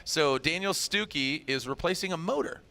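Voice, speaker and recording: A man calling live motorsport as play-by-play commentator, excitable and jokey, with slangy banter. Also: a little high, moderate pace, gravelly.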